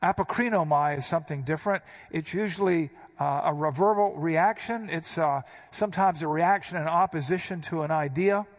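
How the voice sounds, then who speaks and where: A pastor delivers a sermon in a voice pitched slightly higher than usual, working through scripture verse by verse. He leans hard on key words with dramatic inflection, speaking at a normal speed with few pauses.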